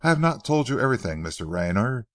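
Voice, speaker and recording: A man voicing a calm, persistent police corporal who tells his account quietly and deliberately. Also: medium pitch, no room sound, studio quality, close to an everyday voice. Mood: steady.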